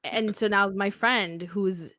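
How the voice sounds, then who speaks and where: Woman guest, life coach, loud, fast and blunt, dry close sound. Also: medium pitch, steady tone, dry recording. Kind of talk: casual chat.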